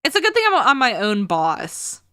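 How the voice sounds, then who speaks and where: A young woman streamer chats casually with a bright, crisp, tense voice. Her talk is sarcastic, with frequent laughter. The sound is dry and close, from a desk mic at home. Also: on the high side, huge pitch swings, moderate pace, dry recording. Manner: chatty and sarcastic, laughs often. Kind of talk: casual chat while livestreaming a game.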